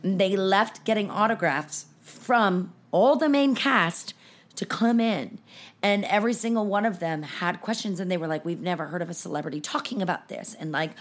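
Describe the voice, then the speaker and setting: A woman's voice: lowish voice, moderate pace. A young woman hosting a podcast, chatting candidly and emotionally, close to tears at times. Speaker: podcast host. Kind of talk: casual chat.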